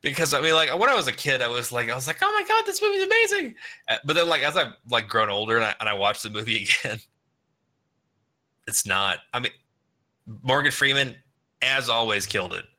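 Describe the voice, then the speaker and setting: A man chatting casually, animated and ranting, laughing often. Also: mid-range voice, a little fast. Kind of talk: casual chat.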